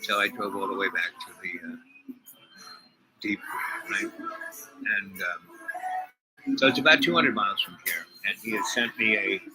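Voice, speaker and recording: Low-voiced man rambling through a personal story. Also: unhurried, pauses often, music in the background, low-quality recording. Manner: rambling, full of fillers and asides. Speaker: vlogger. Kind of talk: casual storytelling vlog.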